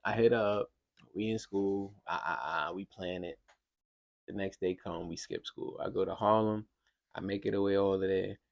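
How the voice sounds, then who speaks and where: A young man from Brooklyn, telling a wild story on a podcast in a casual, profane, animated way. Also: low-pitched, normal speed, gravelly, highs cut off. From Brooklyn, New York. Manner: animated, profane, acts out voices in quotes.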